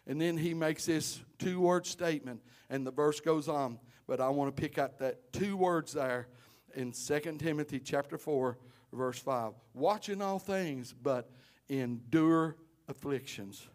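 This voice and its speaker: A male pastor, preaching a sermon that swells from quiet storytelling into loud, shouted exhortation. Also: on the high side, a little slow.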